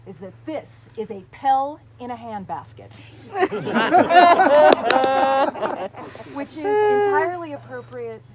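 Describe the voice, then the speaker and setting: A middle-aged woman giving a formal, heartfelt ceremonial speech at a medieval-style court, speaking with deliberate pauses. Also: sits high, lively intonation, over a noisy crowd, poor audio. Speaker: court speaker presenting a medallion.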